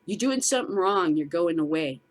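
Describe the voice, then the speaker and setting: Furious profane woman ranting, low voice. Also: expressive, brisk. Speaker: show host. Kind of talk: angry casual vlog rant.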